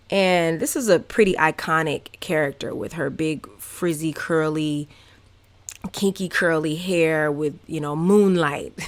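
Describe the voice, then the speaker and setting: A woman in her thirties with a Southern American accent hosts her own podcast and tells stories from her life. Her voice sits a little low, and she talks candidly and with energy, full of fillers and asides. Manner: candid, animated, many fillers. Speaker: podcast host. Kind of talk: casual personal storytelling.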